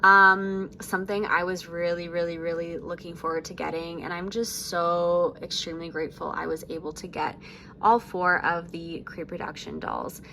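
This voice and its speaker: A woman's voice: fairly low pitch, little pitch movement, moderate pace, gravelly, slight background noise, rough recording. A young woman doll reviewer chatting casually and gushing to her viewers. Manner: gushing, warm sign-off. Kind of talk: casual vlog chat.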